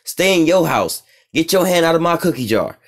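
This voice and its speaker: A man's voice: fairly high pitch, sing-song, normal speed, voice pushed up. A man voicing a mocking impression of an indignant male head of state, scolding in profane street slang.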